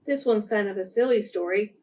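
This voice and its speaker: A woman reading picture books aloud for preschool story time, gently pausing to ask the children questions. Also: medium pitch.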